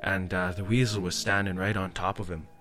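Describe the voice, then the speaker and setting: Man, fairly low voice, casual rambling storytelling, faint music behind. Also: level tone, a little fast, a bit bright. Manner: rambling, tags lines with "eh" and "like". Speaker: storyteller guest.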